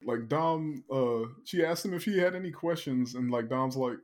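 A man's voice: mid-range voice, moderate pace. A man hosting a podcast, casually retelling a film's scenes and laughing often. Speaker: podcast host. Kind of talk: casual film recap chat.

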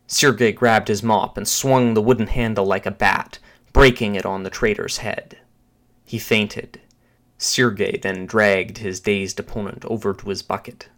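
A man narrating an audio short story in a dry, steady storytelling manner. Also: fairly low pitch, gravelly.

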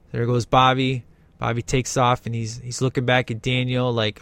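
A man riffs over a film in an easygoing, joking way, clearly enjoying himself. His voice sits at an ordinary pitch, and the recording is dry, with no room sound around it. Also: monotone, normal speed, a bit bright, dry recording. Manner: enthusiastic, jokey, chatty. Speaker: movie commentator. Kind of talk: casual movie commentary.

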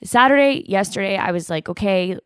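Alone after a call, a podcast host vents her frustration, swearing often and quoting others in quick asides. Her medium-pitched voice is smooth and expressive, recorded with no echo.

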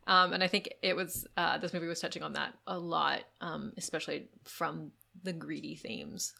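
A woman's voice: deep voice, fairly even intonation, moderate pace, vocal fry, bright, forceful tone. A woman from the Los Angeles area co-hosting a casual film podcast, chatty and full of "like" and "um". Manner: chatty, fillers like "like" and "um". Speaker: podcast co-host.

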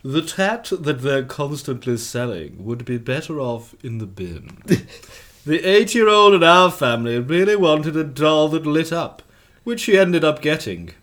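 Lively man reading reviews aloud. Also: on the high side, a little slow. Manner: dry, mock-pompous reading, breaks into laughter. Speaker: podcast co-host. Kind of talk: casual chat, reading out reviews.

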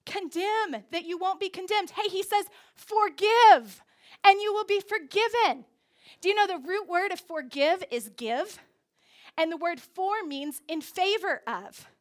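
A woman's voice: very high-pitched, measured pace. A woman in her thirties preaching a sermon to a church congregation, emphatic and repeating key phrases for stress. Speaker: pastor. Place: church sanctuary.

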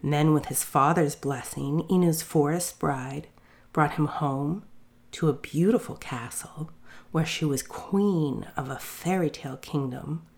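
Woman, storyteller, fairy-tale narration, very low voice, measured and expressive reading. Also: creaky.

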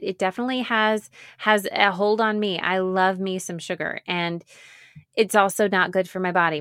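Woman pastor-speaker, earnest and emphatic, slightly low voice, close and dry. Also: fairly bright tone, no room sound. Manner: earnest, emphatic, with repeated phrases and slow pauses. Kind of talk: reflective spoken talk on grief.

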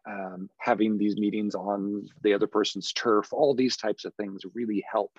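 A man's voice: on the low side, flat delivery, normal speed, dry recording, dull audio. A man, a podcast guest and education consultant, explaining earnestly in a conversational interview. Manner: earnest, explanatory, demonstrates tones of voice.

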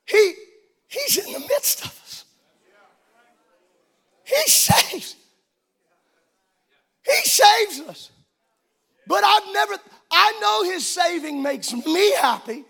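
Brief: male pastor, very high pitch, gravelly edge, shouted sing-song sermon delivery. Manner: shouted, sing-song preaching that swings loud and soft. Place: church.

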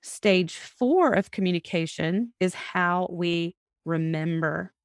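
Low-voiced woman coaching a couple. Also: takes it slowly, no room sound, studio quality. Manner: explains step by step, repeats key words, reflects back what she hears. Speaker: couples therapist and podcast host.

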